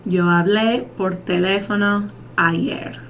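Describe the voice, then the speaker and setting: Slow, patient woman teaching Spanish. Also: mid-range voice, fairly even intonation, a bit bright, low-quality recording. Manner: slow, patient, repeats and checks with "okay?". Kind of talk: classroom lesson. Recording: faint background noise.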